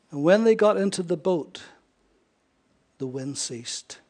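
A man delivers a sermon in a slightly higher-than-average voice. He presses key words with raised force, then sinks to hushed, almost whispered lines, and keeps checking in with his listeners through rhetorical questions. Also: animated, a little slow, long pauses. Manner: dramatic swings from raised emphasis to hushed near-whisper; frequent rhetorical questions to the congregation. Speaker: preacher.

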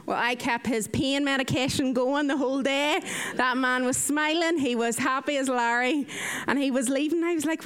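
A young woman, a nurse telling stories from her mission work in a lively talk with slides. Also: sits high, moderate pace. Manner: lively, animated storytelling with acted-out quotes.

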